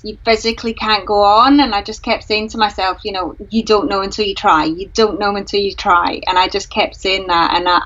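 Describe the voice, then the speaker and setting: A woman's voice: medium pitch, fairly bright tone. Woman, ultra runner guest, reflective, frank, video call, lo-fi sound. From Scotland. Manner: reflective, frank, many fillers. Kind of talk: live-streamed interview answers.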